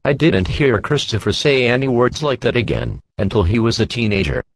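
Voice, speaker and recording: A man with a medium-pitched voice narrates an audiobook of a Christian parenting book, giving a measured, steady scripted reading.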